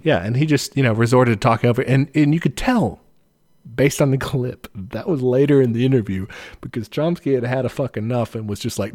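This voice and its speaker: A man's voice: mid-range voice, fairly quick, darkish tone. A man co-hosting a podcast, chatting casually, sarcastic and profane, often laughing. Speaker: podcast co-host. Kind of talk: casual chat.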